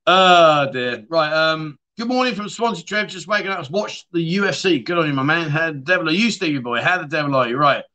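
A man hosting a casual livestream chat show, rambling warmly and reading viewer comments aloud with friendly asides. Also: on the high side, lively intonation, brisk, hardly any pauses. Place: lives abroad in Thailand.

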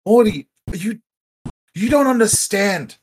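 A man playing a bitter, irate estranged son in a tabletop role-play game, ranting and swearing, swinging from loud outbursts to mutters. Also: sits high, lively intonation, slow pace, low-quality recording. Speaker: player.

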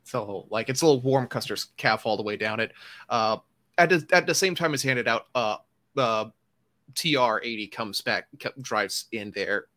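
A man's voice: mid-range voice, normal speed, bright, forceful tone. A man narrating as game master of a tabletop game, casual and rambling. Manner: casual, rambling, filler-heavy.

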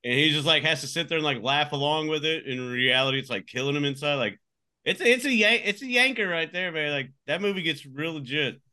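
A man's voice: a little high, lively intonation, fairly quick, pushed and bright, clean tone. A man co-hosting a casual podcast, crude and joking, laughing often. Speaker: podcast co-host. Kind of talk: casual chat.

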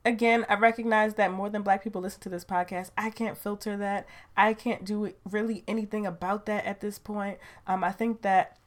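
A woman's voice: mid-range voice, steady tone, normal speed, few pauses. Chatty, playful woman podcast host. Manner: chatty and playful, with laughs and slang. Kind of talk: casual podcast monologue. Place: her bedroom at home. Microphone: home recording mic.

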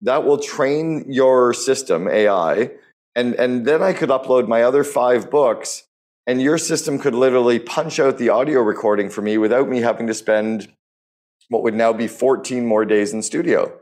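A man's voice: mid-range voice, moderate pace, darkish tone. A man hosting a podcast interview, talking enthusiastically and bluntly, with casual swearing. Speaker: podcast host.

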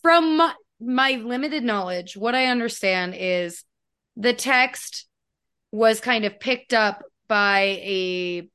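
A woman's voice: on the high side, animated, takes it slowly, sharp tone, smooth. A young woman co-hosting a podcast in casual chat, swearing and laughing as she talks. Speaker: podcast co-host.

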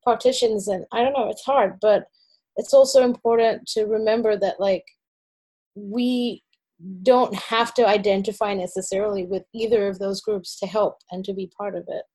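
A woman's voice: mid-range voice, steady tone, normal speed, mellow. A woman hosting a casual interview, talking hesitantly and searching for her words with frequent restarts. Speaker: podcast host.

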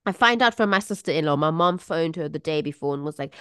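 This South African woman co-hosts a podcast, chatting casually and telling stories with animation while acting out the voices of the people she quotes. She talks fast in a deep, clear, resonant voice. The studio recording is clean with no echo.

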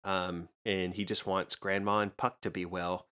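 A man co-hosting a podcast, recapping a movie from his notes in a relaxed, halting way with wry asides. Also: deep voice, clear, resonant tone. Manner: relaxed, hesitant with many fillers, wry. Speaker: podcast co-host.

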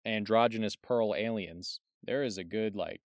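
A young man with a low, plain voice talks through a movie in a relaxed, offhand way, now and then trailing off quieter. He is recorded close and dry, with no room around him. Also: moderate pace, no room sound. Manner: laid-back, offhand, swears casually, works from notes. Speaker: podcast co-host. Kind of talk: casual film review chat.

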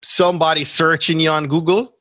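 Jamaican man explaining with bright tone. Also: a little high, little pitch movement, brisk, no echo. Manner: explains step by step, often checks in with "right?". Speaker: podcast guest, brand strategist. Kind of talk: casual interview talk.

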